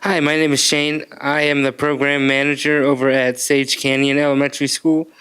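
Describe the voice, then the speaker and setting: A man's voice: on the high side, little pitch movement, moderate pace, a bit bright, clear, resonant tone. A man who manages a school program, giving modest, plain acceptance remarks.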